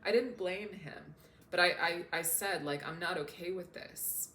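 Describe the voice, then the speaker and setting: A self-development coach with a fairly low, slightly bright voice speaks casually to her camera at a moderate pace, sounding earnest and openly emotional. Her room is echoey, with a faint hum beneath the audio.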